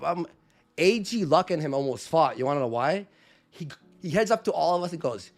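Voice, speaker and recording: A man's voice: on the high side, expressive, brisk, faint music behind. A man telling a heated story with lots of swearing, acting out quotes in a raised voice. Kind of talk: animated storytelling with profanity.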